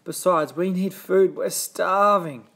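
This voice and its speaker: A man's voice: fairly high pitch, animated, moderate pace. A man voicing a plain little male turtle who groans and pleads, weary from holding up a heavy stack, in a storybook reading. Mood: pleading.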